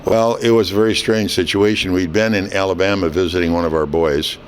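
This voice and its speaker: An elderly broadcaster in his eighties recounts a story in an interview, slipping into the voices of the people he quotes. His voice sits on the low side. A faint hiss runs under the recording. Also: fairly quick. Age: 80s. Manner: animated anecdote teller, quoting others.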